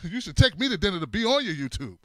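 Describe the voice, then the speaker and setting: A dismissive young woman, as a man puts her on, scoffing and brisk, with a quick clipped delivery. The voice stays at his fairly high pitch and sounds dry and close. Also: sing-song, pushed and bright, no room sound, exaggerated voice.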